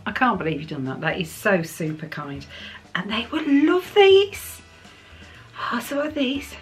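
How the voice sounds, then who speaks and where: An English woman from the UK, a vlogger chatting excitedly while unboxing gifts, gushing and laughing often and cooing playfully at her dogs. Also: medium pitch. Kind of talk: casual unboxing chat.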